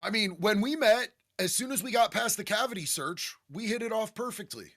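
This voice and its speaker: A man's voice: high voice, lively intonation, brisk, fairly bright tone, dry recording, studio quality. A man, a podcast guest, telling stories in a casual, profane, laid-back way with lots of "bro.". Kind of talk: casual storytelling chat.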